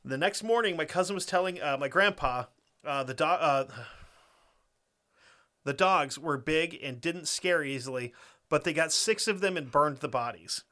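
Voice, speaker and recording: Young male podcaster, bright slightly high voice, profane casual ranter, story reader. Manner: profane, rants fast and laughs a lot. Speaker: podcast co-host.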